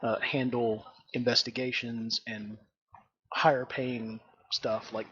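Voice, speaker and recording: A man's voice: medium pitch, flat delivery, slow, a bit bright. A man in the middle of his range chats as a player in a tabletop game and floats sly, scheming ideas. His voice comes over a slightly dull, lo-fi line with a faint hiss behind it. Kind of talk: casual tabletop play.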